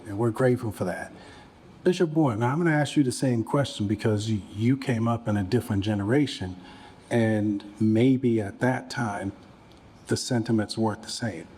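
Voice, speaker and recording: A man's voice: lowish voice, normal speed, a little mellow, a little hiss or hum. A man moderating a panel, turning to a guest with a courteous question.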